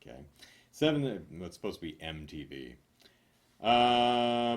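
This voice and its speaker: A man reading knock-knock jokes one after another, loud on the punchlines and mumbling his asides. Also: lowish voice, sing-song, unhurried. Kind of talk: rapid-fire joke reading.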